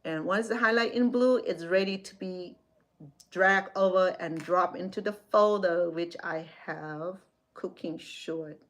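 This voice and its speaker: A woman's voice: on the low side, a little slow. Chatty woman hosting a home livestream. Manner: chatty, with frequent restarts and fillers. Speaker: livestream host. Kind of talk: casual tech walkthrough.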